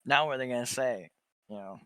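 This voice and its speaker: A man's voice: medium pitch, brisk, bright, forceful tone, smooth, no echo. A man co-hosting a podcast, talking in crude casual banter, swearing and joking, often laughing at his own bits. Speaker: podcast co-host.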